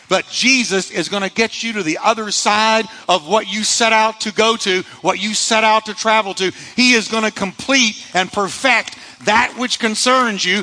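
A man's voice: sits high, steady tone, normal speed, hardly any pauses, pushed and bright, big-room sound, low-quality recording. A male pastor preaching a sermon, emphatic, asking rhetorical questions and answering them himself.

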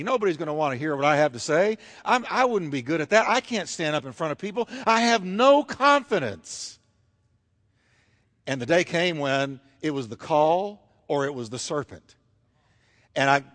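A man's voice: high-pitched, animated, moderate pace, a bit bright. A man preaching a fervent sermon, driving his points home with repeated rhetorical questions.

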